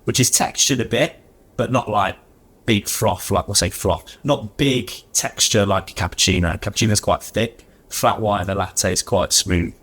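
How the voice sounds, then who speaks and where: A man talking casually as a podcast guest, telling stories in a chatty, self-deprecating way with a husky voice. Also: on the low side, moderate pace, a bit bright. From England. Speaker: guest, coffee reviewer.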